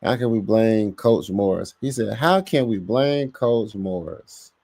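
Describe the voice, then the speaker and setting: A man hosting a casual live sports podcast, reading the chat aloud and talking back to it with lively bursts of emphasis. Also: fairly low pitch, unhurried, creaky, dry recording. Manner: animated, talks to chat, bursts of louder emphasis.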